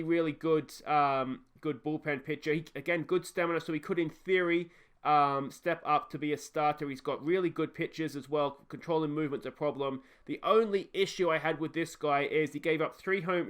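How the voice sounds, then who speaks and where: A man's voice: a little high, a bit bright. An Australian man hosting a baseball management let's play, musing aloud in a chatty, friendly way. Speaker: gaming channel host. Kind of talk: casual let's-play commentary.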